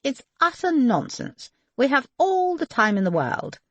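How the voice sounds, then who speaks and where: A woman voicing a cheerful, teasing young male RAF pilot who banters with his friend, lively in pitch. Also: a little slow, dry recording, exaggerated voice.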